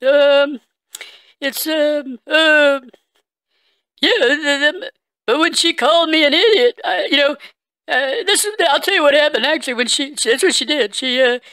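A man putting on a dim-witted, heartbroken caller in a prank phone call comedy bit, halting and stammering through endless fillers. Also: very high voice, sharp tone, no echo, full character voice. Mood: rambling.

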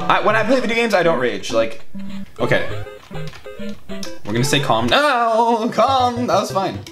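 A man playing a hard platform game and raging, swearing constantly, yelping when he dies and laughing at himself. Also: high voice. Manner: swears constantly, yelps and shouts when dying; self-mocking, laughs at himself. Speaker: gaming video host.

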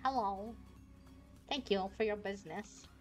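A woman's voice: medium pitch, unhurried, a little mellow, faint music behind. A woman VTuber chatting casually and rambling as she plays a game, squealing and swearing when startled. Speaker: VTuber streamer. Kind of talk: casual gameplay commentary.

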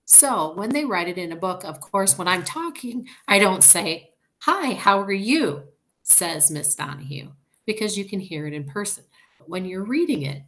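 A woman teacher walks young readers through sight words and punctuation, explaining each step patiently and deliberately. Her voice sits on the lower side, and she speaks very slowly and carefully. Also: fairly bright tone, slight background noise. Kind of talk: recorded reading lesson.

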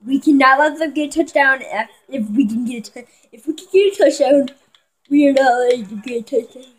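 A woman giving excitable live commentary on a football video game, talking to her viewers and yelling at big plays. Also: high voice, brisk, husky, rough recording. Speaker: gamer.

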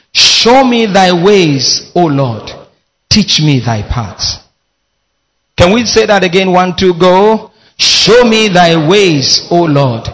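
A male pastor delivers a sermon in a raised, husky voice, leading his congregation through call-and-response lines. His delivery is emphatic, and his voice is high with a fairly bright tone.

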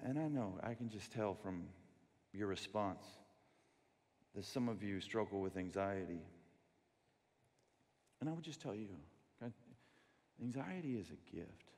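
A man preaching a sermon, telling stories in a lively way and acting out the voices of the people in them. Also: fairly low pitch, measured pace, pauses often. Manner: animated storytelling, acts out quoted voices. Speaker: pastor. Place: large church sanctuary. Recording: long reverb of a large church hall.

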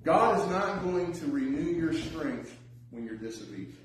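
A man preaches in a church sanctuary, first reading scripture and then pressing his listeners with earnest, building emphasis. His slightly high voice is expressive at normal speed; the distant mic picks up heavy hall echo and slight background noise.

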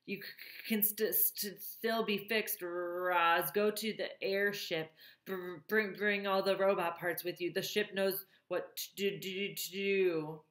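A woman's voice: medium pitch, fairly even intonation, slow pace, a bit bright. A woman voicing a dying male robot hunter whose speech stutters and breaks apart, in a roomy space. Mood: fading.

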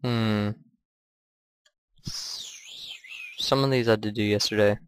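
A man's voice: lowish voice, steady tone, slow, clean tone, no room sound. A man giving crude, profane let's play commentary while gaming. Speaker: gamer.

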